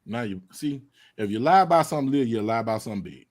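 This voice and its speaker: Animated man hosting a profane chat. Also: medium pitch, racing. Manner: animated, profane storytelling, rising to loud outbursts. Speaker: podcast host. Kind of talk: casual chat.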